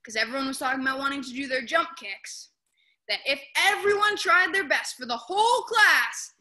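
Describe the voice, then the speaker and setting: A woman leading a children's martial arts class, calling out loud commands and playful shouts. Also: high-pitched, moderate pace. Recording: roomy echo.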